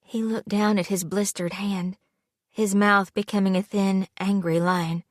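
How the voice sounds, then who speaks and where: A woman reading a first-person thriller audiobook in an even, measured way. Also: mid-range voice, dry recording, clean studio sound. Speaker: audiobook narrator. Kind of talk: first-person scripted narration.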